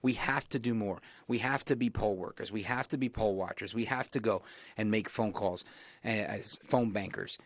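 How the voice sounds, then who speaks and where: A man hosting a talk radio show, delivering an emphatic monologue that keeps rising in pitch to stress his points. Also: no room sound.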